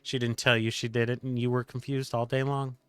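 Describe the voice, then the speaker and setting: A man's voice: mid-range voice, level tone, brisk, a bit bright, clean tone, no echo, close to an everyday voice. A man reading the lines of a fond young woman friend in a game, in an amused, reminiscing way. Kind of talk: game dialogue read aloud by a streamer.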